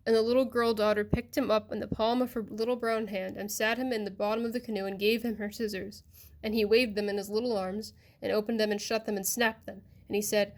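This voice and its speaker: A woman reading a classic children's fable aloud, expressive and addressing the listener directly. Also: mid-range voice, brisk. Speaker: storyteller.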